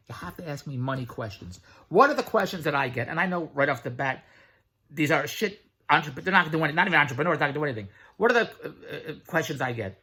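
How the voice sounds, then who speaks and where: A man's voice: a little high, expressive, fast talker, bright, forceful tone. Blunt, pushy middle-aged salesman. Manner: blunt, pushy, repetitive hard sell with profanity. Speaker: online business promoter. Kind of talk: direct-to-camera sales pitch.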